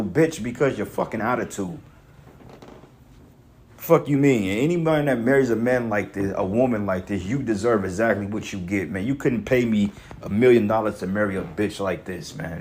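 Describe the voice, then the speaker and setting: A man's voice: lowish voice, a little mellow. Angry, profane man ranting. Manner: profane, angry and emphatic, with many restarts. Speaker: commentator reacting to a clip. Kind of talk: heated reaction rant.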